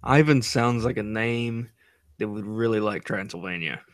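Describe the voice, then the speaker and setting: A man's voice: fairly low pitch, normal speed, dry recording. A man co-hosting a casual podcast, making dry jokes and giving brief replies. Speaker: podcast co-host.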